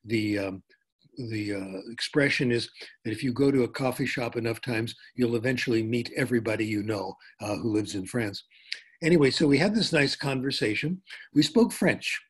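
An older man gives a talk in a relaxed, anecdotal way, wandering into stories and restarting his sentences. His voice has a slightly husky edge at an ordinary pitch. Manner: anecdotal, conversational with pauses and restarts. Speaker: linguistics speaker. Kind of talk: conference talk.

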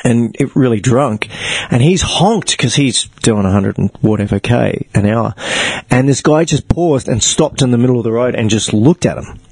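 Husky South African-born man telling stories. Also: mid-range voice, moderate pace, no echo. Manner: animated storyteller, jokey, laughs often. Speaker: actor guest. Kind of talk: casual interview chat.

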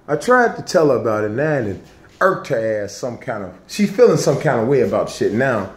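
Man, middle pitch, profane, rambling, low-key, roomy echo. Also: animated, fairly quick. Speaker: husband telling his side. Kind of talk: casual comic vlog banter.

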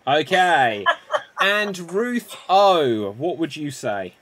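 A man hosting an online improv show, briskly introducing the games and calling for votes. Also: on the high side, sing-song, a bit bright, slight background noise. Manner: brisk, upbeat, running the games.

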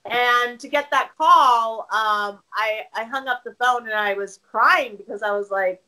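A woman podcaster talking about her show in an interview, open and animated, often restarting her sentences. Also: a little high, measured pace, low-quality recording. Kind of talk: casual interview conversation.

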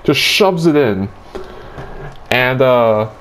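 A man's voice: medium pitch, animated, very slow, a bit bright, a little hiss or hum. Rambling, crude young man telling a dream. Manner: rambling and crude, full of filler likes. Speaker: host retelling his dream. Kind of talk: casual chat.

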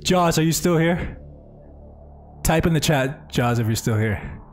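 A man streaming a video game from home, speaking to his viewers in a casual, enthusiastic way. His voice sits fairly high and he takes his time with his words. Faint music plays behind him. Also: expressive, unhurried. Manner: enthusiastic, casual, talks to chat. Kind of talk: live gameplay commentary.

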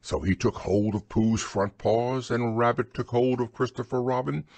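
A man narrating a storybook as a bedtime audiobook, husky, slow and soothing. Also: mid-range voice, fairly even intonation, darkish tone, no echo.

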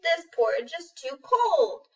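A woman voicing a picky little girl in a slow, fussy, complaining voice. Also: high voice, big pitch swings, far from the mic, muffled recording, voice pushed up, heavily acted.

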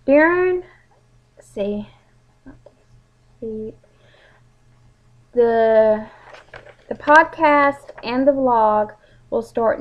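A young woman, chatting casually and a bit rambling as she introduces her channel. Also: on the high side. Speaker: vlogger. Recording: dull lo-fi home recording.

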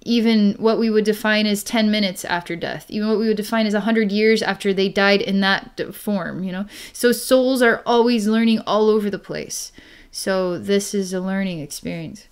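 Smooth-voiced woman narrating a psychic session. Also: mid-range voice, normal speed. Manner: rambling, with frequent fillers and restarts; breaks into light laughs. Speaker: psychic reader.

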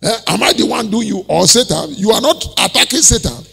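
A man's voice: a little high, normal speed, vocal fry, breathy edge, long reverb tail. A Nigerian man voicing God as a stern, scolding male figure in a sermon retelling.

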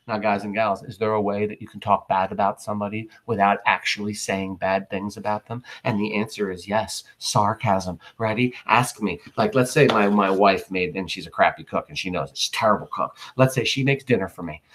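A man's voice: on the low side, steady tone, fairly quick, hardly any pauses, fairly bright tone, poor audio. A male teacher explaining a play in a chatty way, with asides and rhetorical questions to his students. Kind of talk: classroom literature lesson.

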